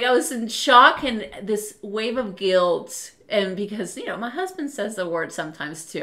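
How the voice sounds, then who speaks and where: Bright-voiced woman telling stories animatedly. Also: mid-range voice, lively intonation, moderate pace, hardly any pauses. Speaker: podcast guest. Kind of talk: casual storytelling chat.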